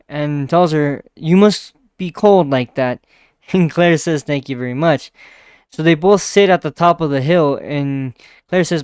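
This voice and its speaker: Smooth-voiced man recapping a manga. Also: on the high side, dry recording, studio quality. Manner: chuckles often while retelling scenes; reads character lines in a softer voice. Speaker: manga reviewer. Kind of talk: casual chapter recap.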